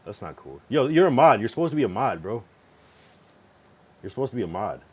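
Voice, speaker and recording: A man's voice: mid-range voice, very animated, brisk, darkish tone, slightly rough. A young man livestreaming, ranting at his chat in an irritated, swearing, casual way.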